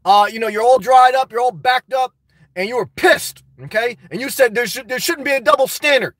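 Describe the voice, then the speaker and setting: A man's voice: extremely high pitch, brisk, fairly bright tone, no echo. A man chatting casually on a live stream, reading viewer comments aloud, rambling and laughing often as he talks straight to his audience. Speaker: vlogger reading live chat.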